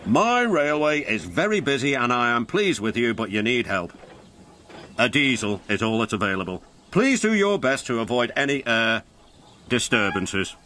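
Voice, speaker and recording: A man's voice: mid-range voice, big pitch swings, pushed and bright, a little hiss or hum. A man doing a stern railway boss. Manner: formal, brisk.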